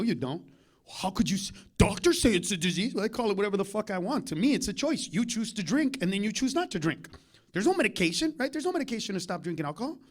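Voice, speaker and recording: A man doing a live stand-up comedy set on a club stage, ranting and profane, swinging between loud outbursts and mock-serious asides. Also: high-pitched.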